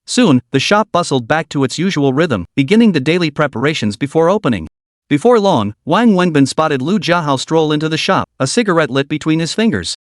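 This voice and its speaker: A man reads a story recap as scripted narration. His voice sits a bit high and moves through a lively range of pitch, and the sound is close and dry. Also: fairly quick, no echo.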